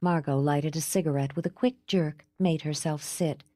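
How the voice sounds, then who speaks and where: Woman narrator, audiobook, lowish voice, dry close sound, even and composed. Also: moderate pace, no echo.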